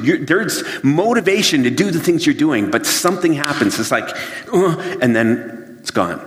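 Preacher man in a big reverberant hall. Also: mid-range voice. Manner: animated storytelling, acts out his own flustered inner voice. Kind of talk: sermon. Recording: long reverb of a large hall.

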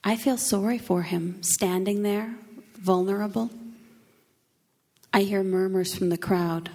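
A woman telling an Easter story as a first-person onlooker, in a slow, solemn and emotive monologue. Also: mid-range voice, fairly even intonation, a little mellow. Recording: long reverb of a church hall.

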